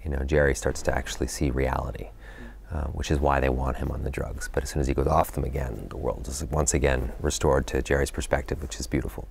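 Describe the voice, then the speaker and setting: A middle-aged actor being interviewed about his film, talking thoughtfully and often pausing to search for words with "you know". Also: a bass voice, level tone, vocal fry, slight background noise. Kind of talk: press junket interview.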